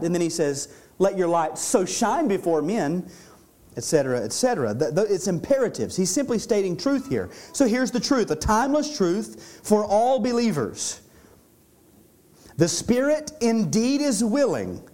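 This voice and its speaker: A high-pitched man with a drawl preaches from the pulpit. He teaches emphatically and stretches out key phrases to drive them home. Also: big pitch swings, normal speed, a little mellow. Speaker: pastor. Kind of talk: expository sermon.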